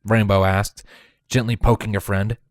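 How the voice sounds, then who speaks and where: A man narrating a fan fiction audiobook in a steady storytelling manner. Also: lowish voice, normal speed, dry recording.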